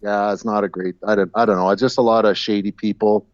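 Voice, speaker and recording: A man calling into a talk show, chatting casually in a halting way, repeating words and chuckling at his own jokes. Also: fairly low pitch, level tone, no room sound, highs cut off. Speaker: guest caller. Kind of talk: casual chat. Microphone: video call.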